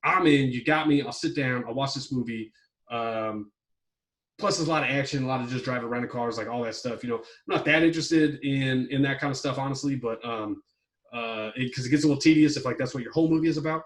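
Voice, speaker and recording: A man's voice: mid-range voice, fast, recorded from a distance, rough recording. A man chatting casually on a podcast, rambling with lots of fillers like "you know" and "like". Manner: rambling, heavy on fillers, swears when worked up. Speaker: podcast co-host reviewing a movie plot. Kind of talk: casual chat.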